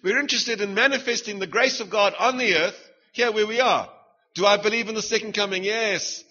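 A man's voice: sits high, brisk, sharp tone, highs cut off. A middle-aged man with a South African accent preaching a sermon, punchy and humorous, firing rhetorical questions at the congregation.

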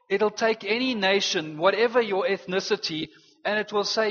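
A man preaching a sermon, earnest and animated, slipping in playful teasing asides. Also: sits high, normal speed. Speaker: pastor. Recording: dull, reverberant hall sound.

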